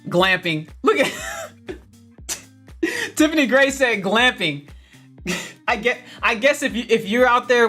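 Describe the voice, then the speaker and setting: A man's voice: extremely high pitch, sing-song, slow pace, long pauses, bright, forceful tone, faint music behind. A man, hosting a casual livestream, upbeat and laughing often as he reads viewer comments. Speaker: livestream host reading chat.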